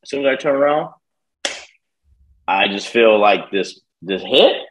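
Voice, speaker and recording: A young podcast guest with a lowish voice takes his time, heard over slight background noise in a low-quality recording. His long, casual personal story is peppered with profanity, and he animatedly voices the people he describes.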